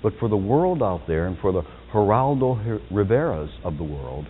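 A male pastor delivers a dynamic sermon, dropping to quiet, low asides and then climbing to loud, high-pitched exhortations. His voice has a very lively pitch. It comes through a tinny, phone-like recording with a long reverb from the hall. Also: normal speed, slightly rough.

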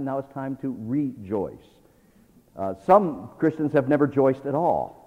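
A male preacher exhorting a church, moving between quiet asides and loud, emphatic passages. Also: on the high side. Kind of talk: sermon. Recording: tinny phone-like sound with long reverb.

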